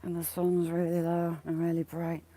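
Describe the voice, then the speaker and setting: Out walking in the countryside, a livestream host with a mixed regional English accent chats casually and says hello to viewers by name. She speaks at a normal pace in a lowish, monotone voice with a dark tone.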